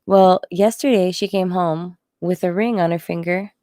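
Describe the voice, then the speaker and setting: A woman's voice: lowish voice, steady tone, moderate pace, warm tone, no room sound, studio quality. A young woman in casual live-stream chat, reading out viewer comments and giggling often.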